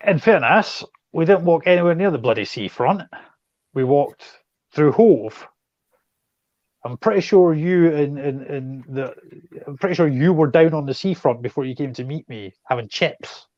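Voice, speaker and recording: A man's voice: a little high, lively intonation, normal speed, a little mellow, no room sound, muffled recording. A man with a Scottish accent hosting a casual chat, teasing and joking with his guests. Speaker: host.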